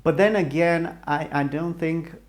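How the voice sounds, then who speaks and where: A man's voice: on the high side, fairly even intonation, a little slow. Middle-aged romanian guy rambling to camera in english, hesitant, lots of restarts, takes his time. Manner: hesitant, searching for words, many restarts. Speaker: YouTuber. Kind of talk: rambling solo talk to camera.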